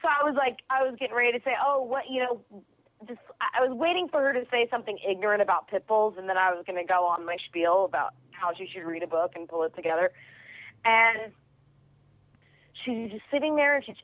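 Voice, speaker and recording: A woman comedian telling an animated story as a radio guest, acting out the people in it. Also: mid-range voice, fast, no echo. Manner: excitable, quotes people in her stories. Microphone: phone call. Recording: tinny phone line.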